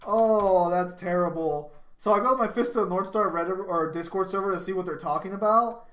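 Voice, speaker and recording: A man's voice: high-pitched, fast. A male streamer chatting on a live stream. He swears freely and gets worked up over games and films, laughing as he goes. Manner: profane, excitable, laughs often. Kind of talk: casual live-stream chat.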